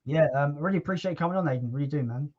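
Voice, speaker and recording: A man hosting a casual livestream chat, relaxed and chatty, with casual swearing. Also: fairly high pitch, rapid-fire, muffled recording. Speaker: livestream host.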